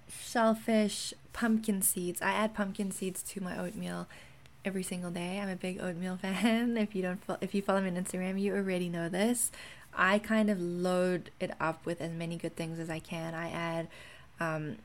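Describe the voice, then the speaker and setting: A chatty woman with a mixed South African accent, talking casually to her viewers. Her voice sits a little low, and she rambles along with plenty of ums and small restarts. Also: steady tone, moderate pace. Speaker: wellness content creator. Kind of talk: casual vlog talk.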